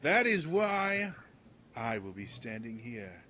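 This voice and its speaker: Man playing a grandiose guard captain, booming declarations, slow and weighty. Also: big pitch swings, pushed and bright, slight background noise, full character voice. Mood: grandly pompous. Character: pompous self-important male guard captain.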